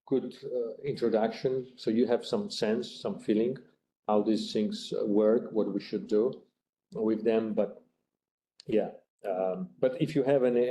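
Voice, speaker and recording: A man's voice: fairly low pitch, dark tone, slight background noise, poor audio. A male lecturer giving a live lecture and taking questions, speaking hesitantly with many fillers and restarts. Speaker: university lecturer.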